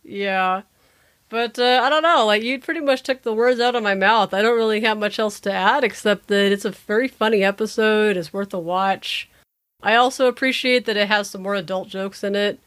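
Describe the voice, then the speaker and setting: A woman co-hosting a casual chat, relaxed and easygoing, often trailing off softly. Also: medium pitch, moderate pace. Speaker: podcast co-host.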